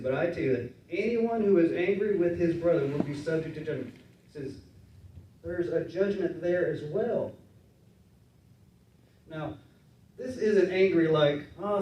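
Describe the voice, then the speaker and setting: Man preaching, mellow tone, a bit high, mic at a distance in an echoey church. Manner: conversational preaching, acting out voices of listeners. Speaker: pastor. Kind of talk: sermon. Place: church sanctuary. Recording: roomy church sound from a distance.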